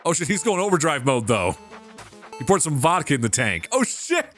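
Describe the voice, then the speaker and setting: Young guy doing let's play commentary, swears a lot, pitch jumps all over, faint music behind. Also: brisk. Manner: excitable, swearing, loud outbursts. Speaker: gaming commentator.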